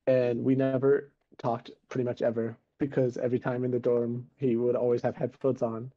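A man's voice: mid-range voice, little pitch movement, normal speed, dark tone. A young man co-hosting a podcast in casual chat, telling rambling stories over a video call. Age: young adult. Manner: rambling storyteller, laughs at himself. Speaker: podcast co-host. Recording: dull lo-fi video call audio.

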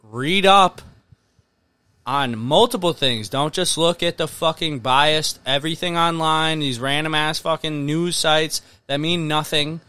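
A man's voice: a little high, a little slow, pushed and bright, clear, resonant tone, dry recording. A man ranting emphatically and swearing in a casual chat with friends.

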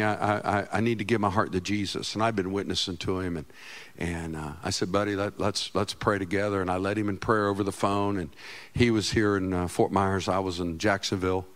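A middle-aged man, a pastor, preaching a sermon with passion, swinging from loud outbursts to quiet asides. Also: fairly low pitch.

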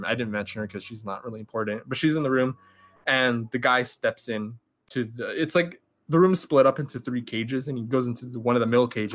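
A man on a podcast, talking casually at a middle pitch. He retells a story in an excitable, rambling way, stumbling over restarts and fillers. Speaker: podcast host. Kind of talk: casual podcast chat, retelling a film plot.

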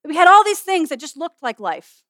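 A middle-aged woman pastor giving an animated, humorous sermon in a conversational way. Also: extremely high pitch, moderate pace, no room sound, clean studio sound. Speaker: pastor and student chapel speaker. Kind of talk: sermon with object lesson.

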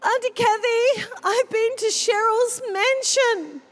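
A woman's voice: extremely high pitch, slow, voice pushed up. A woman voicing an awestruck young girl who tells her story breathlessly and wide-eyed. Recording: reverberant hall sound.

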